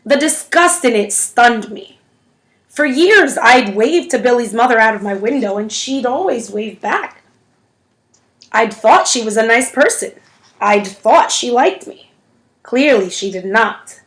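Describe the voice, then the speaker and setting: A woman narrating a novel in the first person, with an expressive storytelling manner. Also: a little high, measured pace. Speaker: audiobook reader.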